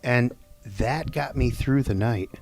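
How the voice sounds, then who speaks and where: A man's voice: medium pitch, takes it slowly, darkish tone, soft background music. A man co-hosting a podcast, trading jokes and crude banter in casual chat. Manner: joking, profane banter. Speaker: podcast co-host.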